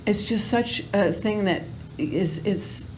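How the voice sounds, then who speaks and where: A woman's voice: mid-range voice, slow, darkish tone, slight background noise, rough recording. A woman appearing as a talk show guest, grateful and gushing, laughing often. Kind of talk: casual talk show chat.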